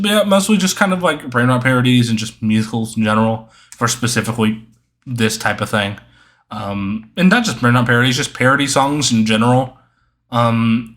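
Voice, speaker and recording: A man's voice: medium pitch, fairly bright tone. A young man answering viewer questions in a casual, rambling monologue, full of ums and self-corrections.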